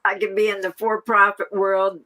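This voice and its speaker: A woman's voice: medium pitch, level tone, noisy background. A middle-aged woman farmer from the United States, chatting as an interview guest and laughing often as she talks. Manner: slow, laughs often while talking. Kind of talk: casual interview talk.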